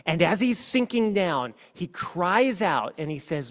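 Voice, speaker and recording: A man preaching a sermon as a pastor, earnest, moving between hushed and forceful passages. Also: sits high, very animated, measured pace. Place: church sanctuary. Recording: long reverb of a church hall.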